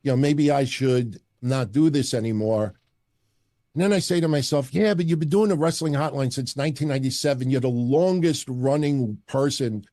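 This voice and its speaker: Speaking at normal speed with a mid-range voice, a middle-aged man tells stories bluntly and with plenty of swearing as a guest in a casual interview. He hosts a wrestling podcast himself and comes across as an animated storyteller, and the audio is studio quality with no room sound.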